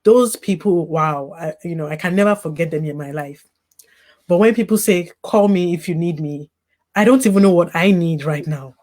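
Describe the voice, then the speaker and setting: A woman's voice: fairly low pitch, normal speed, a little mellow. A woman, a grief recovery specialist, candidly talking about losing her baby as an interview guest, earnest and reflective with frequent "you know" asides. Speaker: grieving mother as interview guest.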